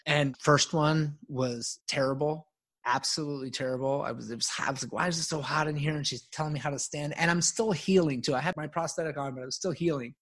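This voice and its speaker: A middle-aged man, a guest on a podcast, telling a personal story in an animated, self-mocking way and laughing often. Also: on the high side, fairly quick. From United States.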